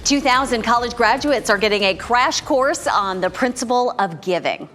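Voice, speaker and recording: A woman anchoring a local midday newscast, reading stories in a crisp, even delivery. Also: on the high side, normal speed, long reverb tail, soft background music. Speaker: news anchor.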